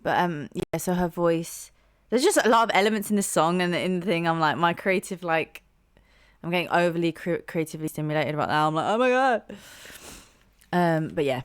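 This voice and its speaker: A woman's voice: lowish voice, fairly quick, clear, resonant tone, no echo. A young woman hosting a music reaction, gushing and rambling with lots of fillers and restarts. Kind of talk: casual reaction commentary.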